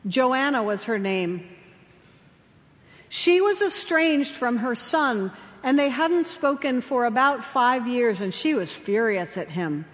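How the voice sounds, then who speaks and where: Softly preaching woman in reverberant hall. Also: fairly high pitch, expressive. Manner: gentle storytelling with slow emphatic pauses. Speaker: chaplain. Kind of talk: sermon.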